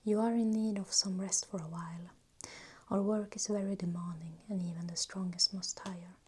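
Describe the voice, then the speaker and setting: A woman voicing a deep-voiced male elder shaman who speaks in a measured, diplomatic way, in a whispered role-play. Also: fairly even intonation, warm tone, breathy edge. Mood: conciliatory.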